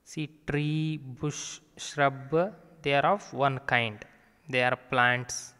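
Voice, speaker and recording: A man teaching a grammar lesson for young children, speaking deliberately and spelling words out letter by letter. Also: mid-range voice, steady tone, pushed and bright, clear, resonant tone. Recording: echoey room with long reverb.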